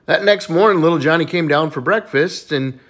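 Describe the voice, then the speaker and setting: A man's voice: fairly high pitch, fairly quick. A man telling jokes in a storytelling way. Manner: animated storytelling, laughs at own jokes. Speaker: joke teller.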